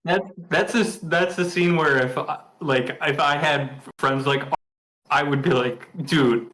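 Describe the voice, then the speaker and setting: A man's voice: a little high, steady tone, a little slow, bright, forceful tone, low-quality recording. A man co-hosting a casual movie podcast, mostly agreeing in short replies and swearing now and then. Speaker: podcast co-host. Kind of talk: casual movie review chat.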